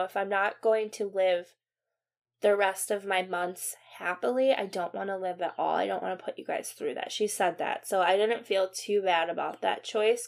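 A young woman hosting a podcast, recounting a personal story in a halting way, full of fillers and restarts, dropping quiet at the sad parts. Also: mid-range voice, vocal fry. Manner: quiet and subdued at sad moments. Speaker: podcast host.

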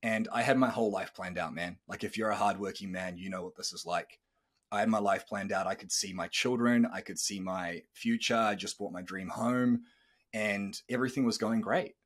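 A man in his thirties hosts a podcast and recounts his own past with candid earnestness. His voice sits on the lower side, with a husky grain, and he drops casual swear words. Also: normal speed, fairly bright tone. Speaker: podcast host. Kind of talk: personal storytelling on a podcast.

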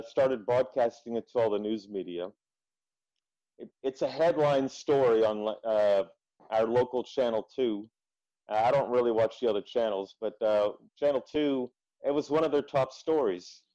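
Podcast guest, male, animated storyteller, dull lo-fi sound. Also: medium pitch, normal speed. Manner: animated storytelling, swears freely. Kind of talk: casual chat. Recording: muffled lo-fi audio.

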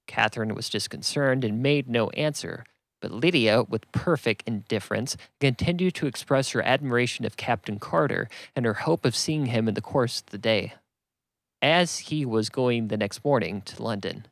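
A man narrates a classic novel in a steady mid-range voice. The sound is dry and close, with no room around it. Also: mid-range voice, moderate pace, no echo. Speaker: reader.

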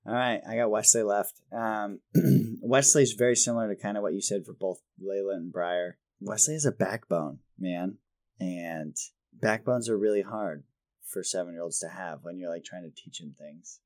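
A man in his thirties co-hosting a podcast, chatting casually and rambling, self-deprecating and quick to laugh. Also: low-pitched, a little mellow, no room sound, studio quality. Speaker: podcast co-host. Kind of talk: casual chat.

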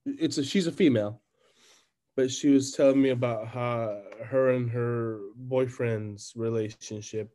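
A man, co-hosting a podcast, who tells crude stories and cracks his voice high when he's amazed. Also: steady tone, measured pace, warm tone. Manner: profane storytelling, voice jumps up when incredulous. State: coughing when he laughs. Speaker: podcast co-host. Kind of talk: crude casual chat.

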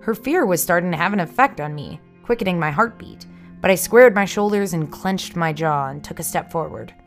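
A woman telling a first-person scary story in a hushed, tense, dramatic way. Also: fairly low pitch, lively intonation, a little fast, faint music behind.

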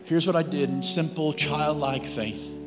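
A man's voice: on the high side, steady tone, measured pace. Male guest preacher telling stories. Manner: humorous, anecdotal, conversational delivery. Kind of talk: storytelling sermon. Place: church. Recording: long hall reverb with music behind.

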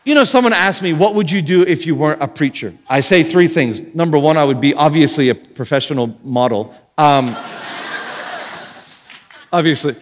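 A man with a high voice preaches with great energy, gasping in wonder and now and then shouting. His voice rings out with the long reverb of a hall. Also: moderate pace, some chatter behind, slight background noise. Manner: animated, with dramatic gasps and shouts. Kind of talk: sermon.

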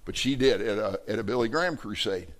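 A middle-aged pastor with a Wisconsin accent preaches quickly in a lowish voice. He tells his stories with energy, acting out the people he quotes.

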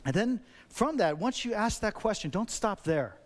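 A man preaching a sermon as a pastor, talking conversationally with many rhetorical questions and lively, animated delivery. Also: sits high, moderate pace.

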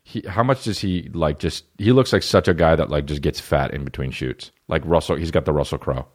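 A man's voice: a bass voice, fairly quick. A young man hosting a podcast, riffing profanely in casual comedic chat and jumping into silly voices. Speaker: podcast host.

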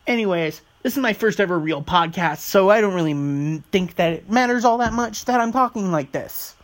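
A man's voice: sits high, animated, moderate pace. A man hosting his own podcast in a casual, rambling monologue, swearing freely as he talks. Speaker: podcast host.

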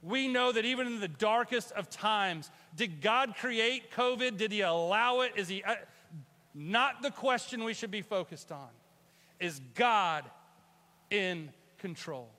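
Preaching a sermon over livestream, this man speaks from a high register and at a slightly slow pace. His casual, lively delivery shifts from booming exclamations to quiet, near-whispered stories.

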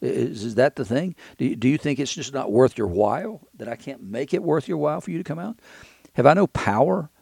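A man's voice: mid-range voice, animated, brisk, creaky, hardly any pauses, dark tone, breathy edge, no echo, clean studio sound. A man teaching a Bible passage verse by verse, talking conversationally with many restarts and reading scripture aloud.

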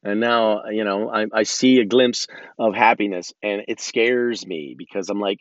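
A man's voice: fairly low pitch, fairly even intonation, a little slow, no room sound. A man in his thirties ranting casually and profanely, rambling with many restarts, in a car. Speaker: vlogger. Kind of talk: casual rant. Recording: dull lo-fi sound.

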